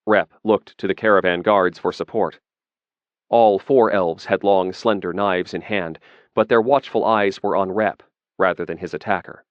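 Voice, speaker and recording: A man with a fairly low voice narrating a fantasy audiobook at a measured, steady pace. The recording is dry, close and slightly dull. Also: no room sound.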